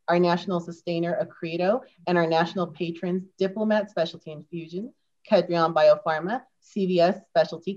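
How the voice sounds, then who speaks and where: A woman moderating an online forum, politely reading announcements and sponsor lists. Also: lowish voice. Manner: polite, reads lists steadily. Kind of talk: scripted announcements. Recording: dull lo-fi video call audio.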